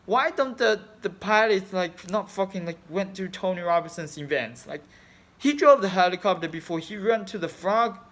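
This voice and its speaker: A man's voice: high voice, animated, moderate pace, a bit bright. A man in his thirties from China, speaking English with a Chinese accent as a non-native speaker. He talks in an emotional, rambling way about his grief, swearing often and using broken phrasing. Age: 30s. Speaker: fan. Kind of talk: emotional personal vlog.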